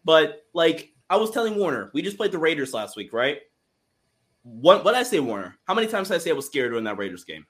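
A man co-hosting a casual sports talk show, excitable and rambling, often restarting his sentences. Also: on the high side, fast talker. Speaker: co-host.

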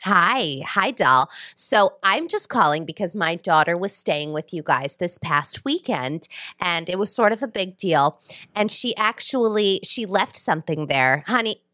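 A woman's voice: lowish voice, lively intonation, a little slow, sharp tone, dry recording. Woman putting on a breezy celebrity momager voice, calls everyone doll, prank call, dry close sound. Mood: gushing. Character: gushing celebrity momager mom, middle-aged woman. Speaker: podcast host.

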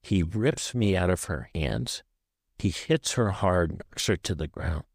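A man's voice: sits low, expressive, a little slow, breathy edge, dry recording, clean studio sound. A man from the American Southwest, an author guest on an interview show, recounting a painful personal story in short, vivid present-tense sentences.

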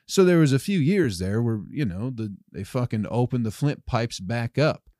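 A man's voice: mid-range voice, expressive, normal speed, warm tone, no echo, clean studio sound. A man hosting a comedy podcast alone, rambling sarcastically with lots of swearing and mock-salesman patter.

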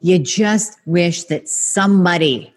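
A woman hosting a health podcast, giving a lively solo talk straight to her listeners, with some mild swearing. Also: on the low side, takes it slowly. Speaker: podcast host, functional medicine practitioner. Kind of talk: podcast monologue.

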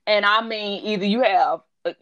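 Animated woman telling stories. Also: medium pitch, moderate pace, lo-fi sound. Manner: animated, laughs often, quotes people. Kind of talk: casual chat, storytelling.

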